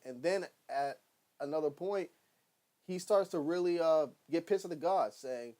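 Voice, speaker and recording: A man casually recapping a TV episode, rambling and excitable, swearing often and acting out what characters say. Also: a little high, measured pace. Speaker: TV episode reviewer.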